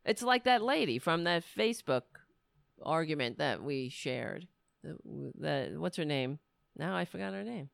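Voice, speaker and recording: A woman commentator ranting with scorn and biting sarcasm. Her pitch rises and falls widely as she presses each point, and she takes her time. The sound is close and dry. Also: animated, measured pace, creaky, dry recording. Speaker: political commentator. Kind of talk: angry commentary rant.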